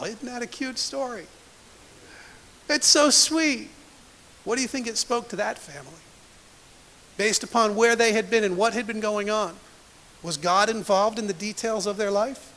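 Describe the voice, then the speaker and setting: A man's voice: sits high, bright, forceful tone. A man preaching a sermon as pastor, telling a story and acting out its quotes. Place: church sanctuary. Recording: long church hall reverb.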